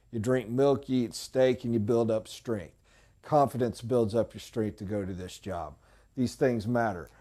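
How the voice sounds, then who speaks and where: Male sales coach, middle-aged, motivational and emphatic, warm low-bright voice, mid pitch. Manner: emphatic, preachy. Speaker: sales trainer. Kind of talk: motivational sales training talk. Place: training room with a whiteboard.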